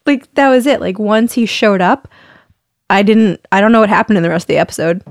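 A woman's voice: mid-range voice, a little fast, dry recording, clean studio sound. A woman in casual chat, giggly and gushing, often breaking into laughter.

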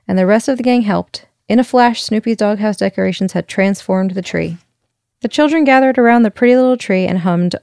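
A woman reading a picture book aloud in a lively way, chuckling now and then. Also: mid-range voice, a little fast, vocal fry, clean tone, dry recording, clean studio sound. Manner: lively, chuckles as she reads. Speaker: storyteller.

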